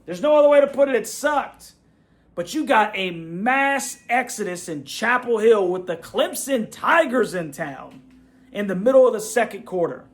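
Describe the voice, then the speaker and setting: Fired-up fan venting. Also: male voice, high voice, expressive, normal speed. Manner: fired-up venting, repeats himself, "bro" and "man". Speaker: fan channel host. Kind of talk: ranting fan reaction vlog.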